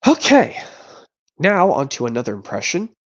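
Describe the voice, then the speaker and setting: Excitable rambling streamer, lively voice. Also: medium pitch, normal speed, muffled recording. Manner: rambling, excitable, mild cursing. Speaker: streamer doing voice impressions. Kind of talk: casual rambling stream chat.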